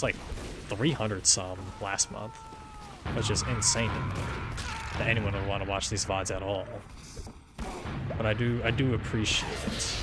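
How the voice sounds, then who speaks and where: A young man in a casual solo livestream, talking in a flat, monotone way, rambling, swearing and restarting his sentences. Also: on the low side, noisy background. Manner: rambling, swears often, repeats words and restarts a lot. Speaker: streamer. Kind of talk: casual solo livestream chatter while gaming.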